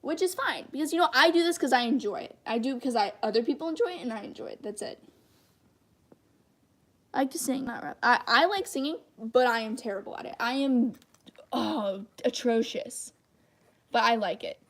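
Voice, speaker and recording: A teenage girl with a high-pitched voice, rambling and self-deprecating in casual livestream chat while she draws. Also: animated, moderate pace. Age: teens. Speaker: channel host.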